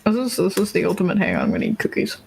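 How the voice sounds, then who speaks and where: A woman's voice: fairly low pitch, wildly swooping pitch, very fast, creaky, noisy background. Giggly woman streamer chatting. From Germany. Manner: giggly, lots of laughter and fillers. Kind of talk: casual chat while playing a visual novel.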